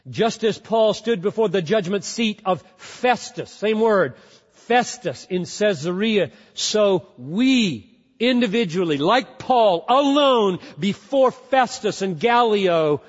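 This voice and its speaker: A man preaching a sermon as pastor, emphatic, repeating key words and swinging from loud to hushed. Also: high voice. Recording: dull lo-fi sound with long hall reverb.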